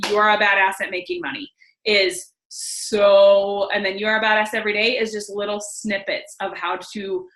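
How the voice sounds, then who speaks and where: With a medium-pitched, somewhat bright voice, a young woman offers a casual motivational talk as a guest on a team call. She's chatty and enthusiastic, saying "like" a lot, and the recording carries the echo of the room.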